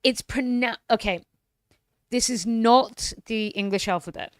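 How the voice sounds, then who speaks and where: A woman streamer chats casually, swearing freely and sounding out words, repeating phrases as she practises them. Her voice is on the high side and smooth, a touch slow, captured in studio quality with no echo.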